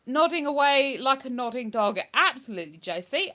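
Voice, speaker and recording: A woman talks casually on a live stream, reading out comments from chat and replying to them. Her voice sits a little high and sounds bright and forward. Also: sing-song, slow, pauses often. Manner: chatty, reads viewer comments aloud and answers them.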